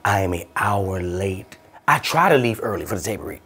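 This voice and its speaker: A man hosting a podcast, telling a comedic story in an animated, profane way. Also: deep voice, a little fast, breathy edge. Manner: animated, profane, swaps between voices. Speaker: podcast host.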